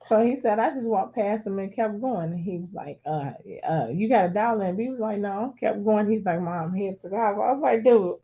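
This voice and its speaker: A middle-aged woman in casual chat, telling a family story with lively acted-out voices. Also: mid-range voice, a little fast, hardly any pauses. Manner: animated storyteller acting out voices. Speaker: talk show co-host. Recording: dull lo-fi sound.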